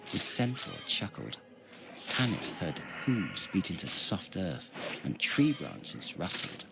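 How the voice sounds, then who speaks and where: A man reading a fantasy novel aloud in a slow, expressive storytelling manner. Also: low-pitched, creaky. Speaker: reader. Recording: music behind.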